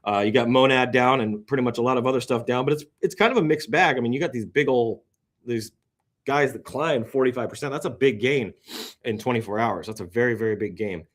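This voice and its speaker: Going over market charts on screen, the host of a casual crypto show mutters low, then suddenly bursts into loud exclamations. He's excitable, and now and then yawns or lets out a drawn-out sigh.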